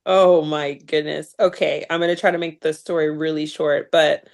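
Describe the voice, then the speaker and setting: A woman actress and producer chatting as a guest in a casual interview, animated and laughing often, with many fillers. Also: low-pitched, moderate pace, gravelly.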